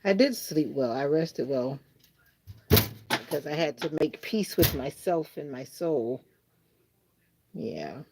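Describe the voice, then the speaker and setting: A woman's voice: low-pitched, sing-song, takes it slowly, pauses often, poor audio. A woman from South Florida hosting a casual livestream, chatting and reading viewer comments aloud. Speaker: livestream host. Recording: loud background hum of air conditioning and engine.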